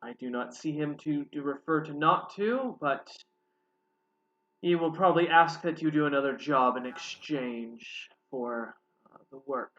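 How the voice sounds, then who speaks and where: A man's voice: on the high side, unhurried, a bit bright. Man voicing a muscular half-illithid guard, formal, commanding, slightly muffled audio, faint hiss.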